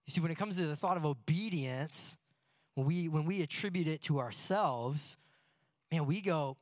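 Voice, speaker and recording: A man's voice: a little high, lively intonation, normal speed, no echo, studio quality. A man preaching a sermon in a loose, joking way, full of rhetorical questions. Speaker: pastor.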